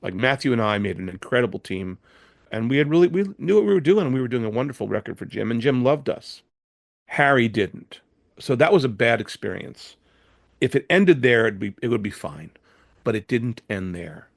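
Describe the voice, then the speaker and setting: A man in his seventies, a record producer appearing as an interview guest, telling stories in an animated way, with frequent restarts and repeated words. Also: mid-range voice, fairly quick, vocal fry, no room sound. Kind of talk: anecdotal interview storytelling.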